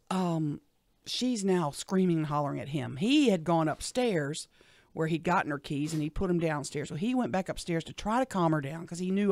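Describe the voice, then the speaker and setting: A middle-aged woman, a radio show guest telling a personal story in an animated way. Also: fairly low pitch, no echo, clean studio sound. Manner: animated storyteller, acts out what others said.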